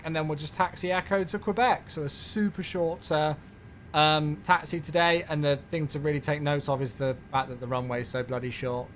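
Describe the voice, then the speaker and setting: A man's voice: on the high side, slight background noise. A man streaming a flight simulator, chatting casually with viewers and greeting them by name as he reads back radio calls. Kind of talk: casual live-stream commentary.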